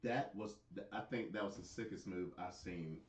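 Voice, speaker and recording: A man co-hosting a casual wrestling chat on a live stream, halting and repeating words as he thinks. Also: deep voice, recorded from a distance. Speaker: co-host. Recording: echoey, dull sound.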